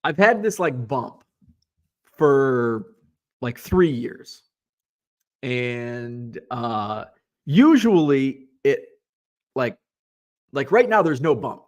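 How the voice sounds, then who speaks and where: Animated rambling man telling a story. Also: mid-range voice, extremely slow, long pauses. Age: 40s. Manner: animated, rambling, self-mocking, swears casually. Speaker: host of a hobby show. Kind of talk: casual storytelling chat.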